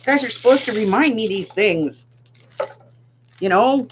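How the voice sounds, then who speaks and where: Craft vlogger, woman with a sore throat, animated and chatty, muffled home recording. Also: a little high, takes it slowly, long pauses. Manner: chatty, talks to viewers, laughs often. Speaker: craft shop owner and vlogger. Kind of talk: casual chat while crafting. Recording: dull lo-fi sound with faint hiss.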